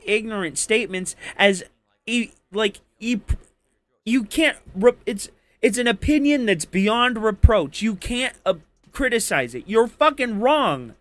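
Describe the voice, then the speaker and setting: A man's voice: sits high, a bit bright. Angry, profane man arguing politics. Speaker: debate participant. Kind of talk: heated political argument.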